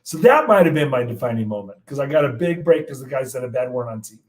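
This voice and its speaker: A man in his sixties from the United States, a guest meteorologist telling animated stories in an interview and acting out the quotes. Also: mid-range voice, fast, low-quality recording. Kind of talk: storytelling in an interview.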